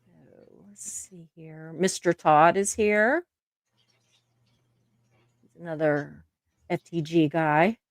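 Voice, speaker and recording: A woman's voice: deep voice, slow, long pauses, dry recording, studio quality. A woman with a Southern American accent hosting a casual live stream, reading viewer comments aloud and laughing often. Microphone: live stream mic.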